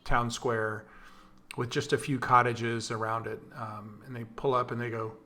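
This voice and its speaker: A man as game master, narrating a tabletop game in a descriptive, unhurried storytelling way. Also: medium pitch, little pitch movement, bright, forceful tone.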